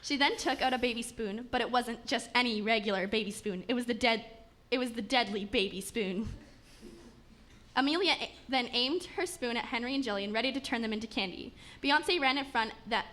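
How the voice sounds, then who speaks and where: A woman with a somewhat high voice reads a comic fairy tale aloud. She keeps a steady pace, tripping over a word now and then and starting again. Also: fairly quick. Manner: steady reading with small stumbles and restarts. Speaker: story narrator. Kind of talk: reading a comic story aloud.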